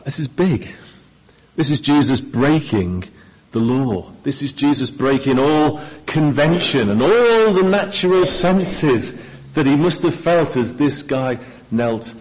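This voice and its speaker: Husky, lively male preacher. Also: poor audio. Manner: expressive, dramatic pauses, trailing off low on key words. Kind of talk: sermon.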